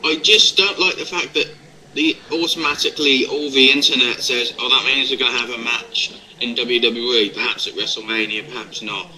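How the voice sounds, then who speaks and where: A man's voice: mid-range voice, steady tone, moderate pace, pushed and bright, rough recording. A man co-hosting a casual wrestling webcast, hesitant, trailing off and restarting as he gives his opinions. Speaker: co-host. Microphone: webcam mic.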